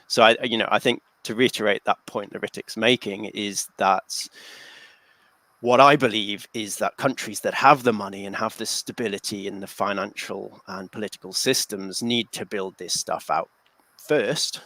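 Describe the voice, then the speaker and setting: A man's voice: fairly low pitch, normal speed, bright, forceful tone, no echo. A man speaking as a panel guest, making his points thoughtfully with many fillers and restarts. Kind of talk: discussion.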